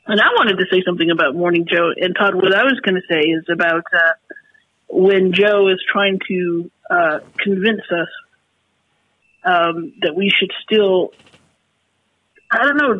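A woman calling in to a talk radio show, talking in halting, emotional, frustrated bursts with many restarts. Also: on the low side, slightly rough, no room sound. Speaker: caller. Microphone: telephone. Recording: tinny phone line.

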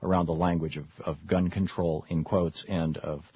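A man's voice: sits low, flat delivery, normal speed, slightly rough, dry recording. A man hosting a call-in radio talk show, talking in long rambling runs with frequent restarts. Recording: dull lo-fi radio broadcast.

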